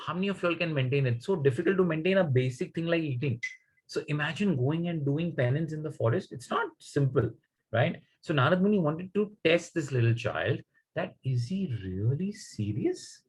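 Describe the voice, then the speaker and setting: A man's voice: fairly high pitch, lively intonation, fairly quick, slightly rough, rough recording. A man telling a story to children in a conversational way, often asking them questions.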